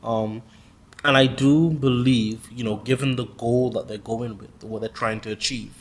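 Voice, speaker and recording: A man's voice: medium pitch, fairly even intonation, measured pace. A man hosting a casual discussion, eager and rambling, with many fillers.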